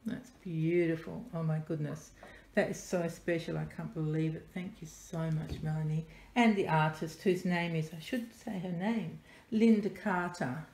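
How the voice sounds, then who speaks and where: A woman unboxing a parcel on camera as a doll collector vlogger, gushing and softly delighted, often dropping to breathy whispers. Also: low voice, fairly even intonation, measured pace. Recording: echoey room with faint noise.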